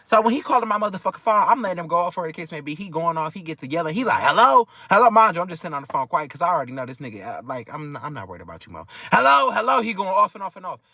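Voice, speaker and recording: A young man from Detroit with a Detroit accent, telling a personal story in an animated, profane way with many filler phrases. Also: fairly high pitch, rapid-fire, hardly any pauses, dry recording, studio quality. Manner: animated, profane, keeps repeating "whatever the case may be". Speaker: vlogger. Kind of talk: casual storytime.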